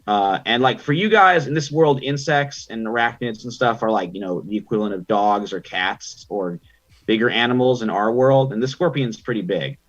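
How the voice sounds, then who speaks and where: Male game master, husky, easygoing narrator, muffled stream audio. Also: fairly low pitch, moderate pace. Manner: chatty, many ums and likes. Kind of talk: narrating a tabletop game online.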